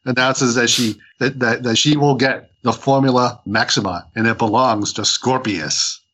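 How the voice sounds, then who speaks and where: A man's voice: medium pitch, moderate pace, bright, forceful tone, slightly rough, poor audio. A man co-hosting a comic book podcast, retelling a story in a rambling way with many restarts. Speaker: podcast co-host. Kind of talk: casual comic book review chat.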